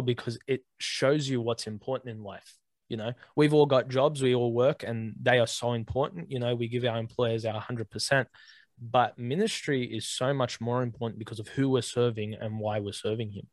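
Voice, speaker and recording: Casting: man, podcast co-host, earnest storyteller, voice prone to cracking, dry close mic, mid pitch. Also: no echo. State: voice cracks now and then. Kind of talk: casual chat.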